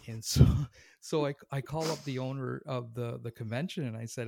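A man telling a story about his career as a tattoo artist in a relaxed, conversational way. He acts out the other people in the story and laughs often. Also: medium pitch, a little slow, vocal fry, no room sound, studio quality. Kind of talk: casual storytelling.

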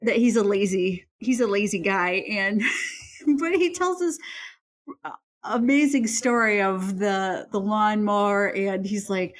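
A woman's voice: mid-range voice, takes it slowly. Chatty woman telling stories with laughs. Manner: animated storyteller, laughs often. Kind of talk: casual book discussion.

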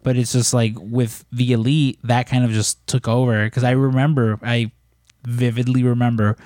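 Brief: male podcast co-host, mid pitch, loose storyteller who swears, dry room. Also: flat delivery, normal speed, darkish tone, dry recording. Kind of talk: casual chat.

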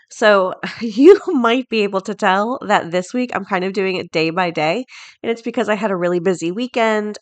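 A middle-aged woman hosting a daily podcast, chatting off the cuff with frequent laughs and reading out headlines. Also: fairly low pitch. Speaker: podcast host. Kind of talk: casual chat and reading headlines.

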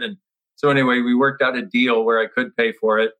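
A middle-aged man, an interview guest, tells a personal story in conversation, acting out his past self with exclamations and often restarting sentences amid filler words. His medium-pitched voice is bright and forceful with little pitch movement, and he talks a little fast. The audio is poor.

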